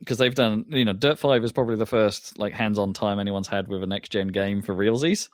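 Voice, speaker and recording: A man's voice: on the low side, fairly even intonation, a little fast, no room sound, studio quality. A man co-hosting a podcast in casual chat, rambling with lots of restarts and fillers. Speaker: podcast co-host.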